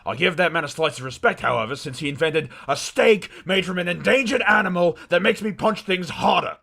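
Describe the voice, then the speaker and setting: A man plays a loud, self-important Australian boss with a raised, gravelly, slightly husky voice. He booms through comic letters as if every word were a boast. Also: a little fast, heavily acted. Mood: blustering. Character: brash boastful Australian company boss, male, middle-aged. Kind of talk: comedic mail reading in character.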